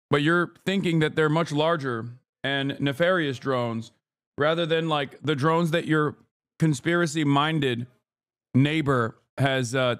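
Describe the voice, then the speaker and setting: A man's voice: fairly high pitch, fairly bright tone, clear, resonant tone. A male streamer giving heated, profane, sarcastic commentary and arguing with his chat. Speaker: streamer reacting to a video.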